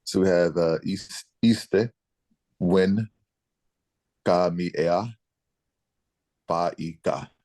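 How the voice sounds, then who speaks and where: A man's voice: deep voice, extremely slow, long pauses, a little mellow, no echo. A man taking part as a student in a language class, working through examples aloud hesitantly.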